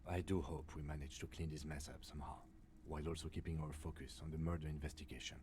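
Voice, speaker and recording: A man voicing a composed police partner in a video game, speaking in a measured way. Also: a bass voice, steady tone, background noise.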